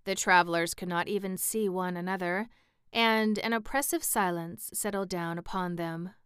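Smooth-voiced woman narrating a storybook. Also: on the low side, fairly even intonation, moderate pace, a bit bright, no echo, studio quality. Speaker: audiobook narrator. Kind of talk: scripted narration.

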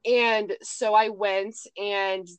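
A woman's voice: medium pitch, level tone, drawn-out words, clean tone, no echo. A young woman hosting a podcast, telling a personal story in casual chat, full of "like" and "I'm just like". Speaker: podcast host.

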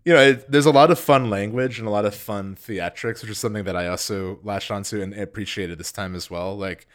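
A man co-hosting a casual book podcast, animated and jokey, loosely rambling with lots of fillers. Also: fairly low pitch, a little fast. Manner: animated, jokey, reads passages aloud. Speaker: podcast co-host.

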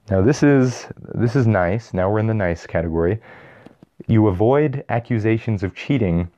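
A man's voice: deep voice, dark tone. A young man casually explaining and ranking strategies for a classroom game, rambling and correcting himself as he goes. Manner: rambling, self-correcting, chatty. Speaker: video host.

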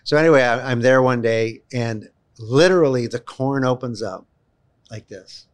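A man telling a long personal story in conversation, animated and emphatic, often restarting his sentences. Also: mid-range voice, normal speed. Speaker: guest, children's home volunteer.

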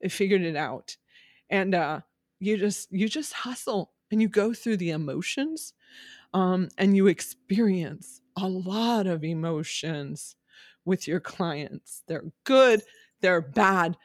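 A woman's voice: on the low side, takes it slowly, dry recording, studio quality. A woman real estate agent talking candidly in a podcast monologue, emphatic, direct and emotional.

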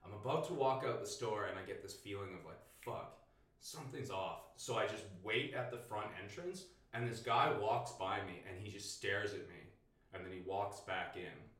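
A man's voice: fairly low pitch, normal speed. A young man, a guest, telling a story casually and animatedly, swearing freely. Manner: animated, profane, laughs through his story. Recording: echoey room, distant mic.

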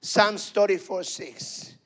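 High-voiced fervent preacher, slow and soaring. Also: male voice, fairly even intonation. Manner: fervent, rising to shouts then dropping soft. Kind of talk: sermon.

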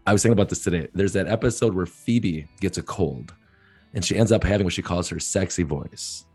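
A man hosting a podcast interview, talking in a chatty, joking, eager way with a hoarse, rough voice. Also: low voice, brisk, a little mellow, faint music behind. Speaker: podcast host.

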